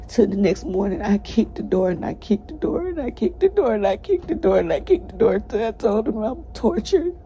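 A woman's voice: mid-range voice, sing-song, brisk, hardly any pauses, mellow, low-quality recording. A woman tells viewers about her time in jail, urgent and pleading, out of breath and close to tears, her voice breaking as she talks. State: breathless, cried out. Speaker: person recounting a jail ordeal. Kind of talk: emotional first-person testimony to viewers.

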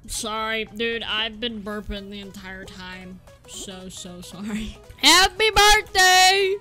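A young woman streaming a kart racing game while tipsy, giggling, shouting and rambling with silly sound effects. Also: mid-range voice, flat delivery, slow pace. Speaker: gaming streamer. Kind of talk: drunk livestream commentary. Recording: loud game music behind.

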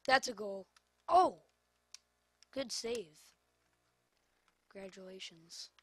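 A woman's voice: mid-range voice, lively intonation, slow pace, a bit bright, slightly rough. A woman commentating her own football video game, exasperated and scolding the players on screen. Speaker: gamer. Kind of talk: gameplay commentary.

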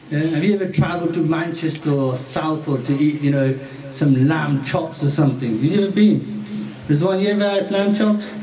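Playful preacher in an echoey hall. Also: male voice, fairly high pitch, a little mellow, recorded from a distance. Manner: playful, teasing the audience; mixes in Urdu and Arabic words. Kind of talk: storytelling sermon. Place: mosque hall.

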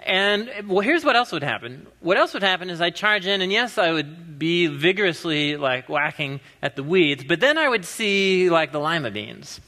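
A man's voice: fairly high pitch, moderate pace, hardly any pauses. A man in his thirties from the US Pacific Northwest, preaching a casual, joking sermon in a church. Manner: animated, joking storyteller. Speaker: pastor. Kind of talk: conversational sermon. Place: church sanctuary. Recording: long reverb of a large hall.

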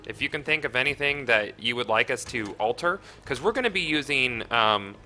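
A young man hosting a let's play, joking and chatting casually as he plays with a friend. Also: medium pitch. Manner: animated, joking, quick to laugh. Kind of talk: casual gameplay commentary.

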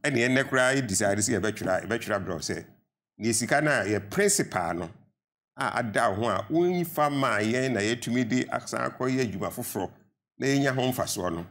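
A man's voice: medium pitch, expressive, fairly quick, a bit bright. An older man with a Ghanaian accent, a pensioner guest in a studio panel debate, arguing earnestly and rising to emphatic appeals.

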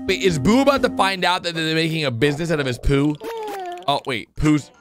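A man hosting a reaction video, excitably narrating what he sees and laughing often. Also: on the high side, a little fast, music in the background. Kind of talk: casual reaction commentary.

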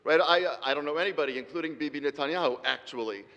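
Debater, man, middle-aged: forceful, repetitive rhetoric, long hall reverb. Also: a little high, quick pace. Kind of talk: formal debate speech.

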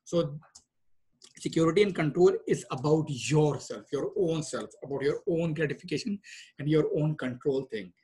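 Husky man giving a casual lecture. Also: fairly high pitch, moderate pace, mellow. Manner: conversational, repeats himself, many fillers. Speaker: trainer. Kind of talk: lecture on group dynamics.

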